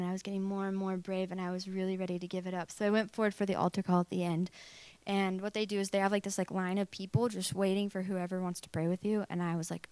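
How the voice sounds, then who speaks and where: A woman's voice: medium pitch, smooth, dry recording. Young woman telling a candid faith story. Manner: candid, filler-heavy storytelling with acted-out quotes. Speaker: speaker sharing her faith story. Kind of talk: personal testimony.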